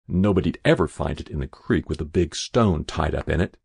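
Deep, gravelly man reading a story. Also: brisk, no echo, clean studio sound. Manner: expressive, characterful reading. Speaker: narrator. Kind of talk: storybook narration.

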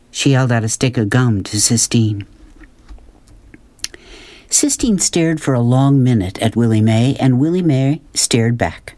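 An audiobook narrator reading a novel chapter in a calm, measured way. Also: medium pitch, no echo. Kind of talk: scripted narration.

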